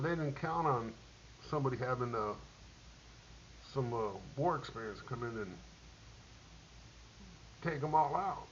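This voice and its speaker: A middle-aged man spins a war story in a loose, animated way, laughing often and slipping into the voices of the people he quotes. His voice sits at an ordinary pitch. The recording is dull and lo-fi with a faint hiss underneath. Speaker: military veteran telling war stories. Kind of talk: casual spoken storytelling.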